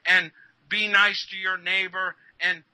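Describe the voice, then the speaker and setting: A man's voice: sits high, little pitch movement, measured pace, bright, forceful tone, clear, resonant tone, no echo, low-quality recording. A male guest in a casual interview, talking earnestly and preachily, stammering and repeating words.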